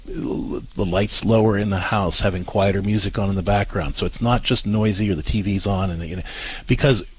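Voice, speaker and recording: A man's voice: lowish voice, steady tone, fairly quick, slightly rough, rough recording. A man co-hosting a parenting advice show, explaining in an earnest way.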